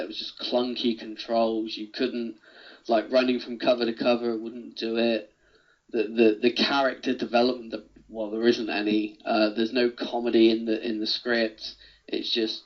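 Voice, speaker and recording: A man co-hosting a podcast, giving a blunt, weary game review. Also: medium pitch. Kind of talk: casual chat. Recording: dull lo-fi sound.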